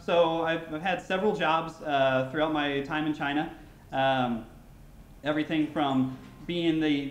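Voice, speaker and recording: High-voiced American man giving a keynote. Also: reverberant, slight background noise. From United States. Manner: casual, anecdotal, frequent restarts and fillers. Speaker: keynote speaker. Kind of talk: conference keynote speech. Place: large conference hall.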